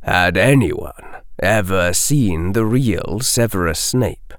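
A man narrating an audiobook in a measured, expressive storytelling manner on a studio microphone. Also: low voice, no echo.

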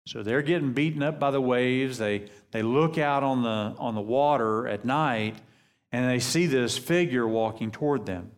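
A man reading scripture aloud and then explaining it as a sermon, at a measured pace, shifting his voice for the quoted lines. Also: medium pitch. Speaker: preacher.

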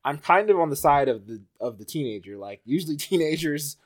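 A man hosting a podcast in casual chat, halting with fillers and laughing often. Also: a little high, animated. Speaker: podcast host.

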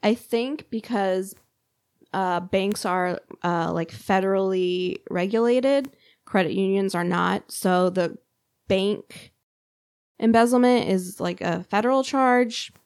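A woman's voice: medium pitch, slow, a little mellow, no echo, clean studio sound. Casual woman telling a crime story. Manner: conversational, lots of "like" and fillers. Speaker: podcast host telling a true crime story.

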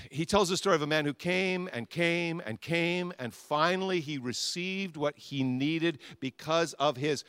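A man's voice: a little high, fairly bright tone, clear, resonant tone, no echo, studio quality. A male pastor preaching a sermon with emphatic repetition, leading the congregation to repeat phrases back to him. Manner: emphatic, repetitive, leads congregation call-and-response.

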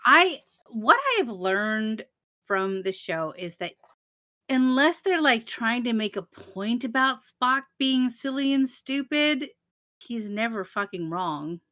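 A young woman co-hosting a podcast, chatting casually with emphatic swearing and quick jokes. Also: fairly high pitch, expressive, pushed and bright, dry recording, clean studio sound. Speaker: podcast co-host. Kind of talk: casual chat.

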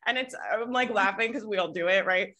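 A Southern American woman runs a coaching call over video. Her voice is bright and forceful, and her pitch sits in the middle. She talks loosely and casually, swears now and then, and laughs a lot as she acts out how people think. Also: fairly quick. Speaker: business coach.

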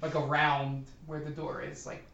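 A man's voice: on the high side, flat delivery, gravelly, a bit bright, highs cut off, slight background noise. A man narrating as game master in a casual tabletop session, hesitant and full of fillers. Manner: halting, filler-heavy narration with playful NPC voices. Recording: echoey room, mic from far off.

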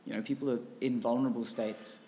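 A man, co-hosting a casual podcast chat, animated and emphatic and quick to laugh. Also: medium pitch, slight background noise. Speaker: podcast co-host.

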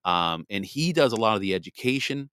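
Guy rambling on a live podcast, kinda low voice, super dry sound. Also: animated, fairly quick, fairly bright tone, clean tone, no room sound. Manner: rambling, chatty, greets listeners in the live chat. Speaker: podcast host. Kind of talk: casual live podcast chat.

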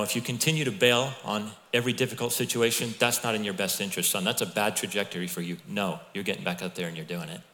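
A middle-aged man preaching a sermon as pastor, telling stories in a conversational, animated way with asides to the congregation. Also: fairly low pitch. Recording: long hall reverb.

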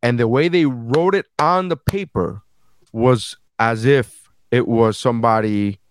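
A man's voice: medium pitch, unhurried, a little hiss or hum. Profane, rambling podcast co-host man. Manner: loose, profane storytelling with frequent fillers. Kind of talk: casual podcast chat.

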